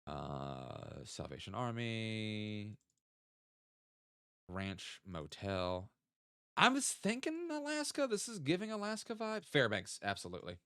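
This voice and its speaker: A man's voice: lowish voice, wildly swooping pitch, slow pace, bright, forceful tone, clear, resonant tone, no echo, studio quality. A young man casually thinking aloud and joking while streaming a geography guessing game. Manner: chatty, thinks aloud, jokey asides. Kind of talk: casual gaming stream chat.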